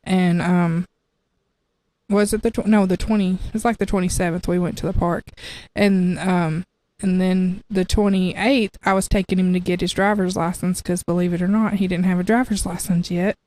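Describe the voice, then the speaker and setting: A young adult woman telling her testimony in casual conversation, chatty and quick to laugh, often restarting her sentences. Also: fairly low pitch, level tone, a little mellow. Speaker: guest sharing her testimony.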